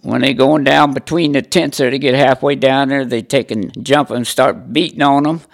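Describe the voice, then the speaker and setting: Older man in his nineties from Indiana with a gravelly edge to his voice, at an ordinary pitch for a man, tells frank, salty stories in an interview. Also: fairly even intonation, moderate pace. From Indiana, USA. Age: 90s. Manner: blunt, salty storytelling with repeated "I said". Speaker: veteran interviewee. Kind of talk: recounting life stories in an interview.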